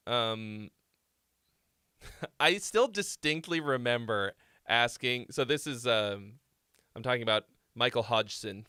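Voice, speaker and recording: A man's voice: medium pitch, pushed and bright, clean tone, no echo, clean studio sound. A young man hosting a casual livestream, telling rambling stories full of swearing. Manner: laid-back storytelling, heavy swearing. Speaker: host.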